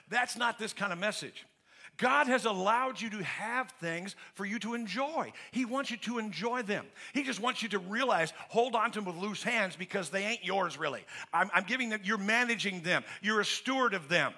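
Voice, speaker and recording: This pastor's voice is high, expressive, creaky, and sharp in tone, moving at a normal speed. Preaching emphatically in a conversational manner, he keeps restarting and asks the congregation to finish his questions.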